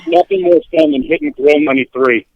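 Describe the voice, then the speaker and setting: A man's voice: on the high side, huge pitch swings, a little fast, gravelly, dry recording, dull audio. A man from South Boston with a Boston accent, telling profane, sardonic stories as a radio DJ guest in a casual podcast chat. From South Boston, Massachusetts.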